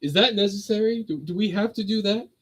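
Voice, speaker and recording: A man's voice: sits high, a little fast, voice pushed up. A man voicing a posh, polite British nobleman in a prim, fussy tone.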